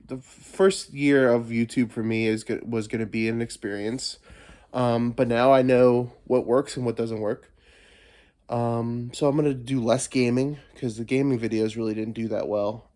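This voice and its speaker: A man's voice: medium pitch, a little mellow. A man hosting a solo podcast, rambling playfully and swearing a lot, getting over a cold. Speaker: podcast host. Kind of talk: casual solo podcast monologue.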